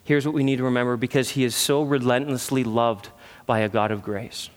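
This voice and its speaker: A man, a pastor, preaching a sermon with earnest rhetorical questions, swinging between loud emphasis and hushed reflection, in a church sanctuary. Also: mid-range voice, fairly even intonation, fairly quick. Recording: long hall reverb.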